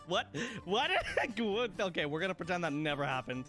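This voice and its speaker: A man's voice: on the high side, animated, moderate pace, few pauses, fairly bright tone, faint music behind. A young man streaming a game, yelping, swearing and breaking into shrieking laughter as things go wrong. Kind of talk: gaming stream chat.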